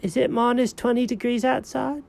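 A man's voice: very high voice, steady tone, moderate pace, creaky, pitched above the performer's own voice. A man voicing a smug, scheming male house cat who speaks in a fussy, know-it-all way.

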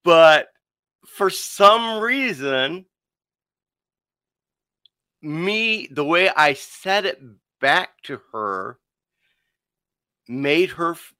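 A man telling a personal story on a casual podcast, his pitch swinging widely as he acts out both sides of a conversation. His voice has a bright, forceful edge and sounds close and dry, with no room echo. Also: clear, resonant tone. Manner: animated storyteller acting out dialogue; addresses listener as "dude". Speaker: podcast guest.

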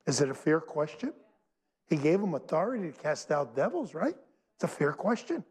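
Animated preaching man in an echoing hall. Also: fairly high pitch, husky. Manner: animated, emphatic preaching with dramatic pauses. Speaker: pastor. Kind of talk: sermon. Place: church sanctuary. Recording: long reverb in a large hall.

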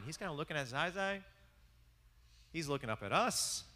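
A man's voice: medium pitch, sing-song, normal speed, bright, forceful tone, in a large hall. A man preaching a casual sermon, telling a family story in a rambling, self-mocking way with many restarts. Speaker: pastor. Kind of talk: conversational sermon.

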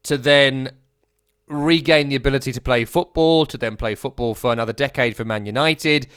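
A man hosting a football podcast, talking in an earnest, reflective way with halting restarts. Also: mid-range voice, fairly bright tone, smooth. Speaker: podcast host. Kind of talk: casual football podcast chat.

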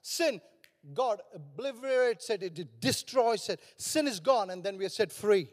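High-voiced older preacher in a reverberant hall. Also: male voice, lively intonation, measured pace. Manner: passionate, rising to shouts. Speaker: pastor. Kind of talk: sermon.

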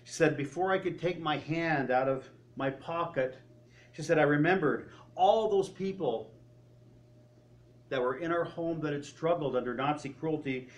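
A man telling a story in a sermon, retelling someone's words and often dropping his voice low. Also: normal speed. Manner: retelling a story with quoted speech, often trailing off quietly. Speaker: preacher.

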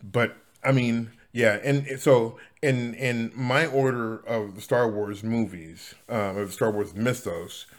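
A man's voice: mid-range voice, steady tone, slow pace, hardly any pauses. A man hosting a casual solo podcast, talking in a rambling way with many fillers, restarts and chuckles. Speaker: podcast host.

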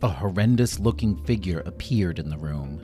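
A man narrating a children's story in an animated way, acting out every character himself. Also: deep voice, normal speed, music in the background.

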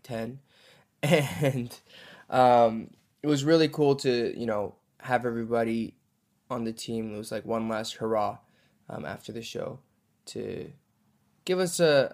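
A man's voice: medium pitch, darkish tone. A young man hosting a podcast in an upbeat, chatty way. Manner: upbeat, chatty, lots of fillers. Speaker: podcast host. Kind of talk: casual podcast chat.

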